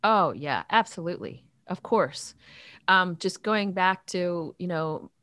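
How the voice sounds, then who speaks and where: A woman in her fifties who leads a youth ministry, answering interview questions in an earnest, animated way. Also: on the low side, slow pace, no echo, clean studio sound. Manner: earnest, animated storytelling with faith talk. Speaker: author and youth ministry leader.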